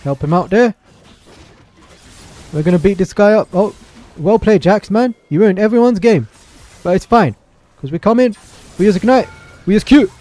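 A man's voice: high-pitched, normal speed. Chatty young man streaming gameplay. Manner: excitable, chatty, apologetic asides to chat. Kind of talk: live gameplay commentary.

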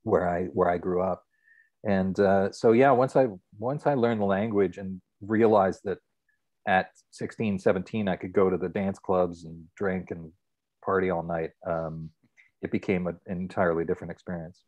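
Low-voiced relaxed middle-aged man. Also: normal speed, no echo. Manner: relaxed, rambling storyteller. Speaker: guest. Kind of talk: casual interview chat.

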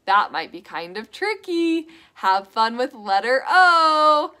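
A young woman teaching a slow, sing-song interactive preschool lesson, prompting children and praising their answers. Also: high-pitched, sing-song, bright, forceful tone.

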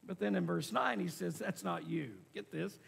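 Gravelly-voiced preacher in a reverberant church. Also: male voice, high-pitched, normal speed, fairly bright tone. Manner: earnest preaching, repeats words, reads scripture aloud. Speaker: pastor. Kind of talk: sermon. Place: church sanctuary.

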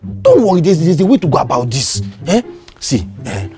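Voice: mid-range voice, wildly swooping pitch, moderate pace, dark tone, soft background music. An actor playing a sly, scheming Nigerian neighbour. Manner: soothing, sly, many fillers, stammers. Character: scheming two-faced neighbour.

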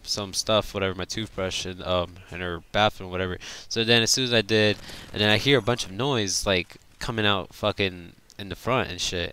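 A man's voice: on the low side, pushed and bright, clear, resonant tone. A young man telling a rambling, profane story over gameplay as a gaming channel host. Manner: profane, rambling, laughs often.

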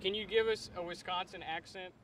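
Fast, bright young male street reporter. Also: high-pitched, steady tone. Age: young adult. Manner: upbeat, teasing. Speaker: student reporter. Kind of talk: street interviews. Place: outdoors by a stadium. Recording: light outdoor noise.

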